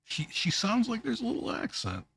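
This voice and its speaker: Husky-voiced man reacting to videos. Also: extremely high pitch, wildly swooping pitch, a bit bright. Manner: halting, restarts words often, chuckles. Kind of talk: casual live reaction commentary.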